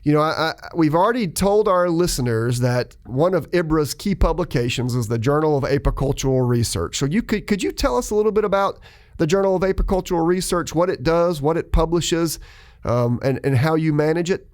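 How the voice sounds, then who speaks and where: A man's voice: fairly high pitch, fairly quick. A man hosting a podcast interview, asking questions and introducing guests in a friendly, enthusiastic way. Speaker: podcast host.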